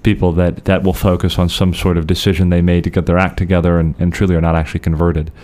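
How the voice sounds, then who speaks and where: A man co-hosting a podcast, explaining theology in a measured, conversational way with frequent restarts. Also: low voice, little pitch movement, darkish tone.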